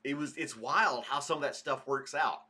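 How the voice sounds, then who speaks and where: A man's voice: medium pitch, moderate pace, sharp tone, slightly rough. A man hosting a casual morning livestream podcast, rambling chattily and greeting viewers by name. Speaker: podcast host.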